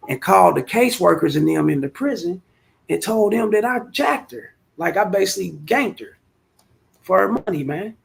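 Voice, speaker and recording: A man's voice: high-pitched, expressive, moderate pace, vocal fry. A man in his forties telling a rambling, profane, slangy story straight to the camera. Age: 40s. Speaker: vlogger. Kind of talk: casual storytelling monologue.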